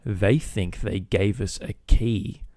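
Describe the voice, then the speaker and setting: A man's voice: fairly low pitch, fairly even intonation, slow, warm tone, no room sound, clean studio sound. A man hosting a podcast, telling a casual story about his workday with swearing, acting out both sides of phone calls. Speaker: podcast host.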